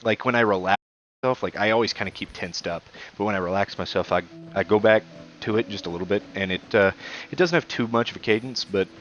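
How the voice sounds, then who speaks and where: This man from the American South has a very deep voice. He chats casually during a gaming stream. He rambles, peppering his talk with "like" and frequent restarts. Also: fast, a bit bright, muffled recording, faint music behind. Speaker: gamer on a live stream. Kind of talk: casual chat while gaming.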